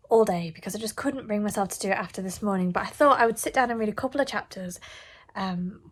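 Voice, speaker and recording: A woman's voice: medium pitch, a bit bright. A middle-aged British woman chatting candidly and with exasperation as she reviews a book, filmed on a phone. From United Kingdom. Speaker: book vlogger. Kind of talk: casual chat, book review. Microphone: phone camera.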